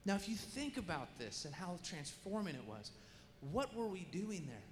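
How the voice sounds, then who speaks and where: A middle-aged man preaching a sermon and telling a story with lively acted-out voices and sound effects. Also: sits high, normal speed. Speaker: guest preacher. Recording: echoey hall with faint room noise.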